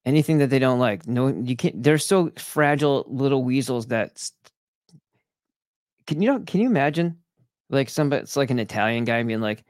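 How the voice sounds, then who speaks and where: Man, show host, casual rant, sarcastic and swearing, medium pitch, dry sound. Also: lively intonation, moderate pace, dry recording. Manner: profane, sarcastic, rambling. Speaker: host of his own online show.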